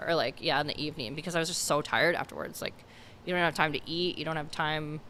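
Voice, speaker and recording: A woman's voice: low voice, quick pace, sharp tone, a little hiss or hum. A woman guest on a podcast, talking in a casual rambling way, full of fillers and restarts. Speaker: podcast guest, car detailer.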